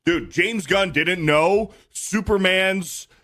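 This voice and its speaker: A man with a very high voice goes on a profane rant in a casual panel chat. His tone is bright and cutting, and he breaks into shouts when he gets worked up. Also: slow pace. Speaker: podcast panelist. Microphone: own microphone.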